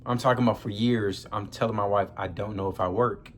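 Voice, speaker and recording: A man's voice: fairly low pitch, steady tone, fairly quick, a little hiss or hum. A young man, grieving as he tells a personal story in loose, slangy talk, close to tears. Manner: loose, conversational slang, addresses viewers as y'all. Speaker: vlogger. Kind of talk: emotional personal storytelling to camera.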